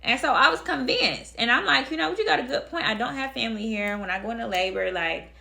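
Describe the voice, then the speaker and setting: A young woman recounts a personal story straight to camera. Her voice is bright and forceful, with a blunt, emphatic delivery that repeats phrases to drive each point home and keeps turning to speak right at her viewers. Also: on the high side, lively intonation, fast, vocal fry. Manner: addresses viewers directly. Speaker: storytime vlogger.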